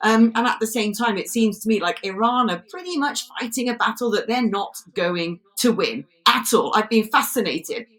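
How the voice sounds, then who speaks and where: A woman from Britain co-hosting a political chat show, sarcastic and mocking, with quick comic asides. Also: a little high, expressive, fairly bright tone. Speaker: co-host.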